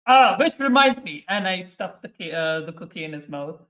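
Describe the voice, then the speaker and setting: A man's voice: sits high, animated, normal speed, sharp tone, distant mic. A man playing in a tabletop game, describing his character's actions in a playful, theatrical way. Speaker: player. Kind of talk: casual tabletop play.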